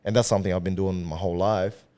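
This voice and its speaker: A man, speaking a little lower than most, chats as a podcast guest. He talks loosely and animatedly and swears freely as he goes. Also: fast, clear, resonant tone. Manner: animated, swears freely, acts out quoted voices. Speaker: podcast guest, event organizer and rapper. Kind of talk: casual conversational interview.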